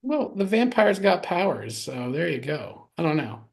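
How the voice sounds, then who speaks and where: A man's voice: fairly high pitch, big pitch swings, moderate pace, gravelly, darkish tone. A man hosting a podcast in casual chat, rambling loosely and laughing often. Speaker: podcast host.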